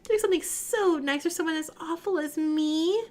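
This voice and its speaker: A woman's voice: very high voice, moderate pace, darkish tone, voice pushed up. A woman voicing a sweet, self-effacing young woman who gushes with over-the-top praise in a game read-along. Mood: gushing. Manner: gushing, overly sugary.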